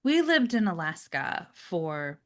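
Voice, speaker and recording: Laughing American woman with a lowish voice. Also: takes it slowly. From United States. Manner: animated, laughs often, drops to soft near-whispers. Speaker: guest. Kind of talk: casual conversation.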